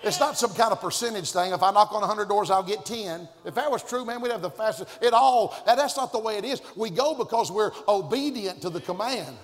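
Fiery high-voiced male preacher. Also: fairly quick, few pauses. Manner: fiery, rhythmic, repeating phrases, bursting into shouts. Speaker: pastor. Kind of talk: sermon. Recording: long hall reverb.

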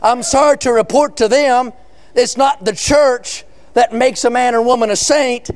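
Fiery high-pitched preacher. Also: male voice, steady tone, unhurried. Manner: thundering, chanting cadence, repeated lists. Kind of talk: fiery revival sermon.

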